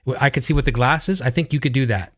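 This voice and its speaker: A man's voice: medium pitch, fast. A Canadian man with a Canadian accent hosting an interview, eager and rambling with lots of fillers. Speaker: show host. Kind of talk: casual video interview.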